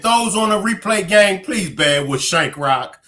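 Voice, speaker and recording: A man's voice: high voice, expressive, unhurried, few pauses, pushed and bright. A man streaming live, reacting to a clip, who keeps laughing, exclaiming and breaking off mid-sentence.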